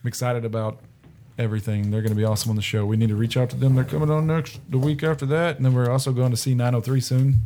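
Man, podcast host, mellow tone, enthusiastic, casual chat, faint background hiss. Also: mid-range voice, fairly even intonation, quick pace. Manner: enthusiastic, laughs often, swears casually.

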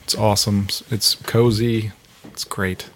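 A man's voice: fairly low pitch, level tone, measured pace, fairly bright tone, a little hiss or hum. A man co-hosting a podcast, laid-back and asking questions in casual chat. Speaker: podcast co-host.

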